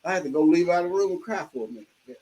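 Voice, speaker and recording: Husky older man telling lively stories. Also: sits high, rapid-fire, low-quality recording. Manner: animated, laughing storyteller, acts out his mother's scolding. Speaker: livestream host. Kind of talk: casual storytelling chat.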